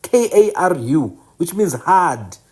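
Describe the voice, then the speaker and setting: A man's voice: fairly high pitch, very animated, takes it slowly, darkish tone, breathy edge. Insistent man teaching. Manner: emphatic, corrects names insistently and repeats them. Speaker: channel host teaching indigenous place names. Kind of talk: informal teaching monologue.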